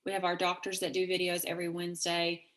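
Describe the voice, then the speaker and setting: A woman from Kentucky with a Southern accent, giving an energetic, chatty sales pitch over a video call and acting out quoted messages with big jumps in pitch. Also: fast. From Kentucky, USA. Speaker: network marketing presenter.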